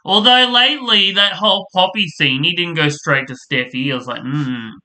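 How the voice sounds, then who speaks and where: A man's voice: sits high, moderate pace, sharp tone. A man casually ranting as he reviews a soap opera, rambling, exasperated and swearing freely.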